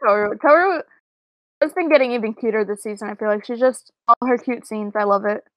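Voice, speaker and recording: A woman's voice: on the high side, brisk, dry recording, highs cut off. A woman co-hosting a podcast, chatting casually and gushing about the characters. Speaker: podcast co-host. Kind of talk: casual chat.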